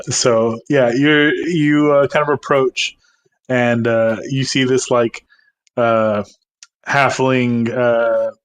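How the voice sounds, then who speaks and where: Hesitant man game master, mid pitch. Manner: hesitant, lots of fillers. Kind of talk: narrating a tabletop game.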